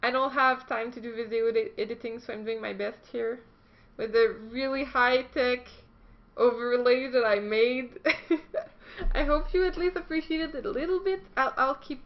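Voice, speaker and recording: A chatty woman hosts a casual news vlog with a high, light voice. She reads her notes aloud, stumbling and joking at her own expense. The recording is dull and lo-fi. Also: measured pace. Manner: chatty and self-deprecating, stumbles while reading. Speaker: esports news host.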